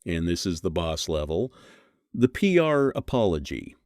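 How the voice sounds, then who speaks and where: Man, very low voice, dry close sound, blunt scornful commentary. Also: sing-song, normal speed, a little mellow, no room sound. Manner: blunt and scornful, hard emphasis on single words. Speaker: commentary host. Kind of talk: scripted commentary monologue.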